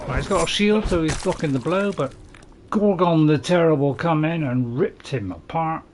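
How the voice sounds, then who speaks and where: A Northern English man streams a game live, chatting casually and rambling while laughing at his own jokes. His voice sits a little high, with a darkish tone and normal speed.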